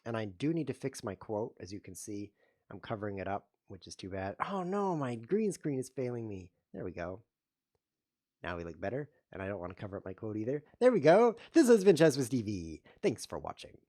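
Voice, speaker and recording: Man hosting chess, lively mock-outrage. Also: on the low side, brisk. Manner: playful mock-outrage, swings between mutters and loud protests. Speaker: host. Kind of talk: live chess game commentary.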